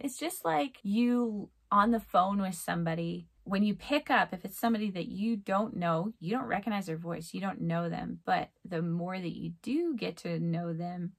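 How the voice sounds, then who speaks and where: Gravelly low-voiced woman teaching faith. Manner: chatty, conversational, often says "like"; acts out prayers in a chirpy voice. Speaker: Christian speaker. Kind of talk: casual devotional teaching.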